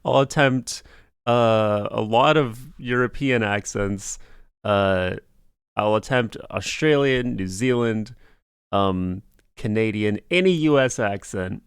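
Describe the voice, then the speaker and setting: A man's voice: fairly low pitch, slow pace, smooth, no echo, clean studio sound. Chatty young man hosting a stream. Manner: rambling, laughs often, playful. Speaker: podcast host. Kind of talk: casual livestream chat.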